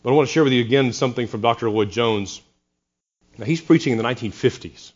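A man's voice: medium pitch, fast talker, lo-fi sound. A man preaching a sermon, earnest, with wry sarcastic asides to his congregation. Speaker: pastor.

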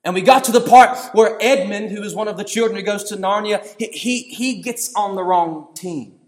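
A man, preaching a storytelling sermon that swings between hushed passages and shouting. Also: sits high, normal speed.

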